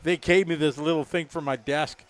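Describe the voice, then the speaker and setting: A man in his fifties chats his way through race commentary, his voice sitting a little high. He rambles and jokes easily, relaxed and friendly with his co-host. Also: moderate pace. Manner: chatty, rambling, jokey. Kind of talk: casual live commentary chat.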